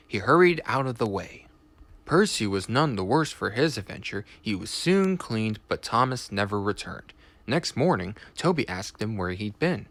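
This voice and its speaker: A man reads a children's train story aloud with lively, expressive narration. His pitch moves a lot, and the recording is close and dry with no room sound. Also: moderate pace, no room sound. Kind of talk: storybook reading with voices.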